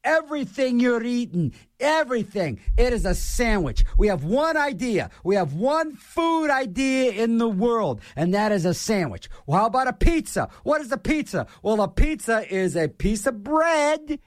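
A man's voice: very high-pitched, very animated, normal speed, few pauses, no echo, studio quality. A man from Pittsburgh hosting a show, delivering a playful, mock-argumentative comic rant.

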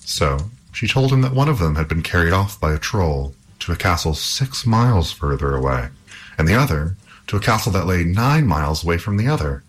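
A man reading an old folk tale aloud in an expressive storytelling manner. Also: deep voice, a little fast, slightly rough, poor audio.

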